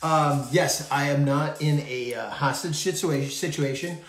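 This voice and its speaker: A man's voice: a little high, unhurried, reverberant. A man hosting a casual early-morning live stream, rambling and laughing often from a far-off room in a hotel. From United States. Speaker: podcast host.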